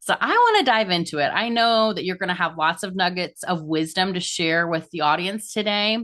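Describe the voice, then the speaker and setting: A woman hosting a podcast interview, speaking enthusiastically and stressing key words with sharp rises. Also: fairly low pitch, big pitch swings, normal speed. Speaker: podcast host.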